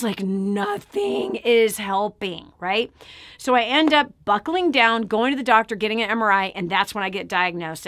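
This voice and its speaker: A middle-aged woman hosts her own show and tells her story with strong, emphatic emotion. Her voice sits fairly high. At times it sinks to a hushed near-whisper. The recording is close and dry. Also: dry recording. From California. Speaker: show host and speaker. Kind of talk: personal testimony to an audience.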